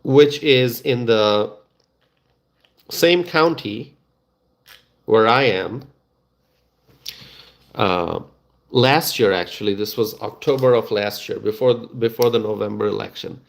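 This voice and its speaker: Host, male, middle-aged; unhurried, gravelly, halting live-stream chat. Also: lowish voice. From Bangladesh. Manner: halting, many fillers and restarts.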